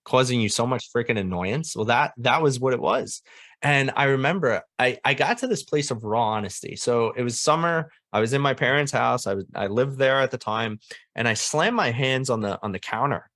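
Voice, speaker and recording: A man's voice: mid-range voice, animated, normal speed, fairly bright tone, dry recording, studio quality. A young man as a podcast guest, telling a personal story earnestly and animatedly, laughing often.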